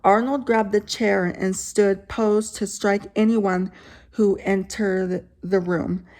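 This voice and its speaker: A woman's voice: medium pitch, steady tone, slow, darkish tone. A woman reading a scary story aloud, stopping now and then for casual asides. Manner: reads steadily, breaks off for casual asides.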